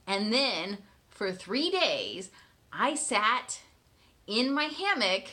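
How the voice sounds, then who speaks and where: A manifestation coach with a medium-pitched voice tells her partner a personal story. She's candid and animated, swears freely, and keeps checking in with "right?"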